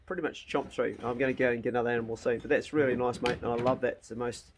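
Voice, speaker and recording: A man hosting a casual chat, spinning an animated yarn with some swearing. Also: medium pitch, very fast, noisy background. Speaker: host.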